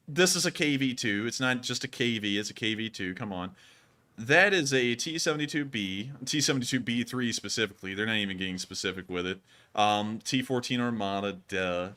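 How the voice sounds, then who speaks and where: A man hosting a casual live stream, animated and quick to laugh. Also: medium pitch. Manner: animated, laughs often, says y'all. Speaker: host.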